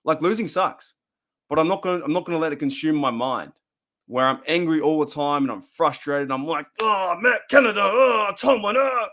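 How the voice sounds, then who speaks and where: An Australian fan show host, his voice on the high side, a bit bright and a little fast, runs a casual livestream. He rambles chattily and reads out comments from the chat as he goes.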